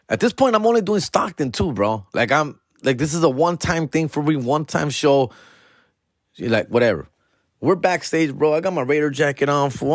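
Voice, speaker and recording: A man, a comedian and father from California, telling a story in casual podcast chat, animated and slangy and acting out quotes. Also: medium pitch, no echo, clean studio sound. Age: adult, father.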